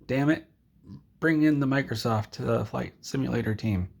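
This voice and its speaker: A man putting on a short-tempered male company boss who barks orders and makes threats in a gravelly voice. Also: medium pitch, moderate pace. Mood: demanding. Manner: barking orders, gruff and threatening.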